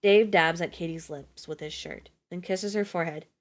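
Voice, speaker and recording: A woman narrating a story in a steady, even reading voice. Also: lowish voice, moderate pace. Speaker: audiobook reader on a livestream.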